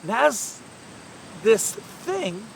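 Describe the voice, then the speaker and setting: A woman retelling a Bible story in the first person as one of the fishermen. She tells it expressively, dropping to a hush and rising to shouts. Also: fairly high pitch, very slow, vocal fry, distant mic, a little hiss or hum. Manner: expressive, swings from hushed to shouting.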